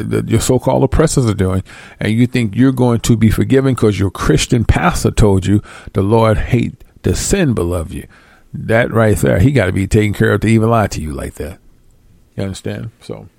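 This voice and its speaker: A man's voice: mid-range voice, vocal fry, darkish tone, no room sound. Preaching man with a dry, close sound. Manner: reads verses slowly, then explains in quick, emphatic street talk. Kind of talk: sermon with scripture reading.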